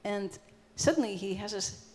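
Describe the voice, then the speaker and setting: On a concert hall stage, a performance artist in her sixties tells an old story live in a casual, conversational way, saying "you know" and "like" a lot. Her medium-pitched, slightly mellow voice has lively intonation at a normal speed, with slight background noise and a long concert-hall reverb.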